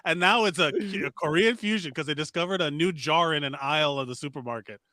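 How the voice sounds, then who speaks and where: Podcast co-host, man, slightly high and bright voice, rambling jokey riffs, dry mic. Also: fast talker, no room sound. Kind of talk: casual chat.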